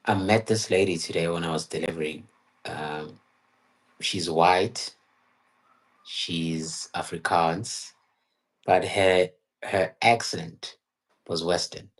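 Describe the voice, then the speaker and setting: A man from South Africa with a lowish voice, chatting casually. He tells a story in halting bursts, often restarting his sentences. He works as a delivery driver. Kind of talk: casual chat.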